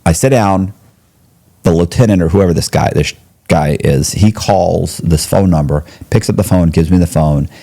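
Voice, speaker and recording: A man's voice: low-pitched, normal speed, gravelly, dark tone. A middle-aged man telling a long story as an interview guest, rambling and slangy, with frequent restarts and swearing.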